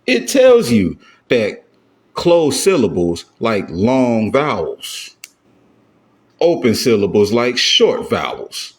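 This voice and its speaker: A self-taught Hebrew grammar teacher walks through a lesson step by step, speaking slowly in a mid-range voice with huge pitch swings. He talks loosely and keeps checking in with listeners, often asking, "you know what I'm saying?"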